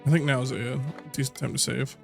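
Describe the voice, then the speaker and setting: A man's voice: medium pitch, little pitch movement, a little fast, vocal fry, music in the background. A young man streaming a game, reading its lines and reacting in a casual, wry way and swearing freely. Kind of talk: gameplay commentary.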